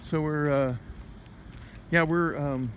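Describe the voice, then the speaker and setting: A man's voice: on the high side, fairly even intonation, takes it slowly. A man talks into a handheld phone as he walks outdoors at night. He rambles, restarts his sentences and drops candid, profane asides, with wind and street noise plain behind him. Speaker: vlogger. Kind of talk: rambling late-night walking vlog. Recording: windy outdoor phone audio.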